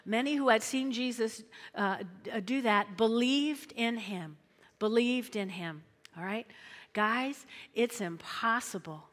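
A middle-aged woman pastor preaching an animated sermon in a church, repeating phrases and acting out voices. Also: mid-range voice, in a large hall. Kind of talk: lively sermon with acted-out quotes.

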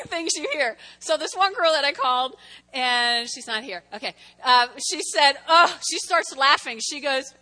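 A woman's voice: high-pitched, sharp tone, in a large hall. A woman from New Jersey preaching a chatty, playful sermon to her congregation. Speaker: pastor.

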